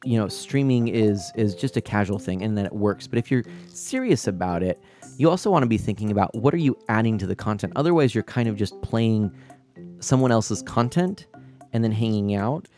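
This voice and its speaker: Over faint background music, a man in his thirties talks fairly quickly in a fairly low, darkish voice with lively intonation. Hosting a family-friendly live stream, he rambles through viewer comments, giggling often and restarting his sentences.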